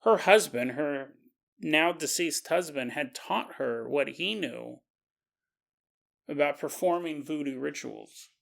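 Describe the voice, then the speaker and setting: Gravelly, jokey male podcast host. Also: fairly high pitch, takes it slowly. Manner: animated, jokey, laughs often. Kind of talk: casual storytelling.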